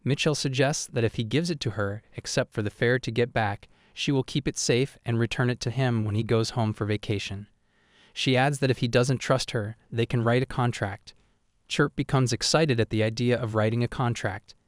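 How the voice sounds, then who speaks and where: A man narrating a comic story recap in a steady, even third-person retelling. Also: mid-range voice, moderate pace, dry recording, clean studio sound.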